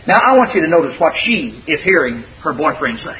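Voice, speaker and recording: A man's voice: fairly high pitch, big pitch swings, brisk, few pauses, slight background noise. A man preaching a sermon in a folksy, conversational and earnest way. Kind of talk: expository sermon. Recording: dull distant recording.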